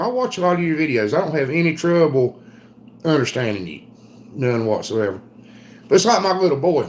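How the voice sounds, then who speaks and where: A man's voice: medium pitch, slight background noise. Folksy Eastern North Carolina man. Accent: Eastern North Carolina Southern. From Southern United States. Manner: folksy, drawn-out storytelling. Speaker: livestream host. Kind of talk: casual live chat reading comments.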